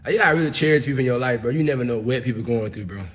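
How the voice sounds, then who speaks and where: A man's voice: medium pitch, very fast. A man ranting on a casual livestream, profane and emphatic, tacking "bro" onto nearly every sentence.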